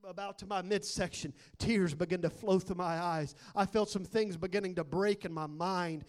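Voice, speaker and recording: A man preaching a sermon, telling a personal story and building to shouted exhortation. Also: sits high, fairly even intonation, normal speed.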